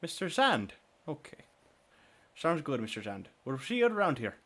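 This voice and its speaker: A man voicing a teasing, gruff male shopkeeper who haggles with customers. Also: on the high side, very animated, moderate pace, fairly bright tone, full character voice. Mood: haggling.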